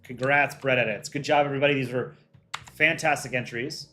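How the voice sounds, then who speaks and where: A man's voice: medium pitch, steady tone, a little fast, sharp tone, soft background music. A man who voices cartoon characters, hosting a casual livestream and reading viewer chat aloud as he runs polls. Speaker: livestream host and voice actor.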